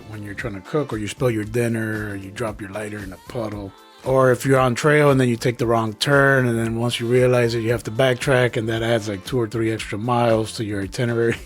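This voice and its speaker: A young man in a casual comedic vlog, talking outdoors on a trail with joking, rambling, slangy asides. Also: medium pitch. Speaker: backpacking vlogger.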